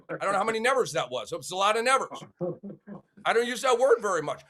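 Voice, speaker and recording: A man hosting a casual sports talk show, animated and ranting, repeating words for emphasis. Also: high-pitched, fast talker, pauses often. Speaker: podcast host.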